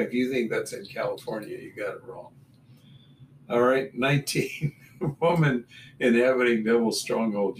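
A man reading Bible verses aloud and adding blunt comments between them. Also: medium pitch. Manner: reads verses then adds blunt asides. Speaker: Bible teacher. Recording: roomy, distant mic with faint room noise.

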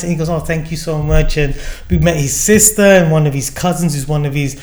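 A man's voice: on the high side, fairly quick, hardly any pauses. A middle-aged man with a voice a little above the usual for a man. He tells a long anecdote to an interviewer, acting out what each person said, with plenty of fillers along the way. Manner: animated storyteller acting out quoted dialogue, many fillers. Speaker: guest. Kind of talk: casual storytelling.

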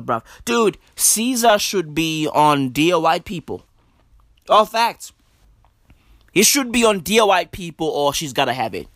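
A man's voice: a little high, a bit bright, no room sound, studio quality. Profane man rambling, just woken up. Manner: loose, profane, says bruv a lot. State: just woke up, yawning. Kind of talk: stand-up style monologue.

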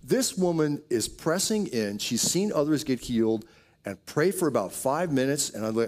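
A man's voice: mid-range voice, expressive, normal speed, a little mellow. A man preaching a sermon, telling healing stories in a storytelling way with quoted asides. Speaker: pastor. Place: church auditorium.

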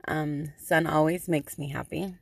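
A woman's voice: deep voice, steady tone, measured pace, vocal fry, breathy edge, dry recording. A middle-aged woman telling a story as a podcast host, in a chatty way with many ums and dry sarcasm. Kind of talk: casual storytelling.

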